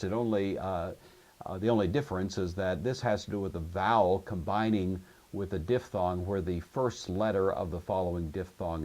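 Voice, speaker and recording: A man's voice: low-pitched, darkish tone. A man giving a recorded lecture on Greek grammar. He explains each rule patiently, step by step, and checks that his students follow. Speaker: Greek teacher.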